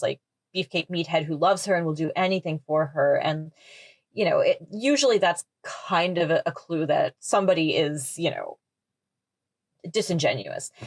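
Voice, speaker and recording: A woman's voice: on the low side, no echo. A woman co-hosting a podcast, talking through a horror film in a thoughtful, analytical way. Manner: thoughtful, analytical, laughs easily. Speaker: podcast co-host. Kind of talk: casual film discussion.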